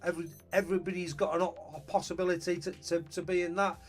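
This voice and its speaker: A man's voice: high voice, flat delivery, fast. A man chatting casually on a live stream, greeting viewers and thinking aloud about his team.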